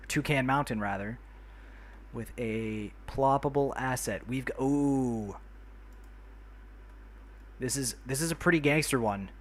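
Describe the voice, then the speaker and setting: A man from New York hosting a casual game livestream, chatty and friendly, greeting and thanking viewers by name as he plays. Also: mid-range voice. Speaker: livestream host. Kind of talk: casual livestream chat while playing a city builder.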